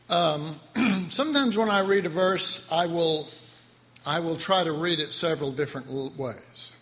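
A pastor whose voice runs high and fairly bright delivers an emphatic, repetitive sermon, laughing in asides to the congregation. It's recorded in a church sanctuary, with long hall reverb and faint room noise.

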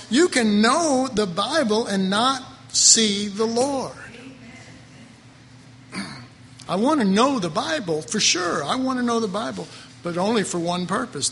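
Giving a sermon to a Bible class, this man talks in a folksy, conversational way and chuckles through his asides. He's a Bible teacher with a high voice and a fairly bright tone, recorded with a long reverb tail and a bit of hiss or hum.

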